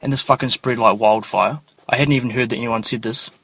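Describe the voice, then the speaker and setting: A man's voice: mid-range voice, steady tone, brisk, fairly bright tone, husky, dry recording. A man hosting a casual solo podcast, rambling offhandedly and swearing freely. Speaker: podcast host.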